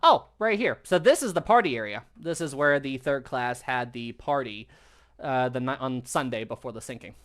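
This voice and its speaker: A man's voice: medium pitch, lively intonation, normal speed, a bit bright. Chatty man hosting a game livestream. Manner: laughing, rambling, chatty asides. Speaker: livestream host. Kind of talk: casual livestream gameplay commentary.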